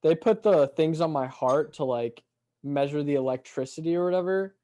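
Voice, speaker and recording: A man's voice: on the high side, moderate pace, dark tone. A man in casual chat, recounting his hospital stay in a rambling, hesitant way.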